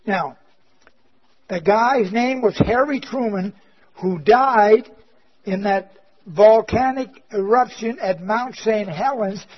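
A man preaching a fire-and-brimstone sermon, firing rhetorical questions and swinging from loud emphasis to near-quiet. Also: high-pitched, slightly rough, muffled recording. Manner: rhetorical questions, slow emphatic delivery, dramatic swings in loudness.

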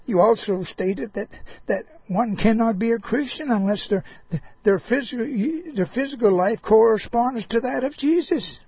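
Male preacher, folksy sermon voice, slow drawl with chuckles, husky, dry close sound. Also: extremely high pitch, no room sound, lo-fi sound. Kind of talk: folksy sermon addressed to an apostle.

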